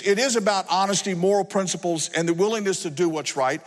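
High-voiced earnest preacher in a hall. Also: male voice, fast talker, hardly any pauses. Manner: earnest, emphatic, repeats phrases. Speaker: pastor. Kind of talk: sermon.

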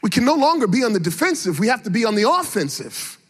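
A middle-aged male preacher with a fairly high, slightly husky voice delivers a sermon. He swings from hushed storytelling to fervent, almost sung exhortation and hammers his key phrases by repeating them. The sound carries a long hall reverb. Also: very animated, quick pace.

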